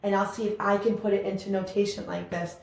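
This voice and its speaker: A woman's voice: medium pitch, little pitch movement, fast, vocal fry, darkish tone. A woman teaching a music lesson, explaining rhythms and chanting rhythm syllables aloud with encouragement. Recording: very echoey room with faint ambient noise.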